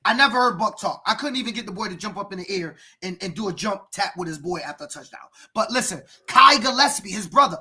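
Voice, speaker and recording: Coach guy ranting on a podcast, bright and kinda husky, gets loud and preachy. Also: high voice, animated, brisk. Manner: emphatic, preachy, bursts into shouting. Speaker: youth football coach, podcast co-host. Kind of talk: animated podcast storytelling.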